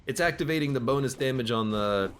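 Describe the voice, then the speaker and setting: A man's voice: mid-range voice, quick pace, slight background noise. A man streaming a game, talking casually and joking to himself and the viewers as he plays. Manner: chatty, jokes at the game and at himself. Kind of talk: casual gameplay commentary. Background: game music.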